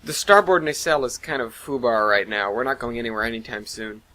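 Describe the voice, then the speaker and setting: A man's voice: medium pitch, brisk, pushed and bright, lightly acted, rough recording. A man voicing a frank female engineering officer giving a damage report. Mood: matter-of-fact. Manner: matter-of-fact report.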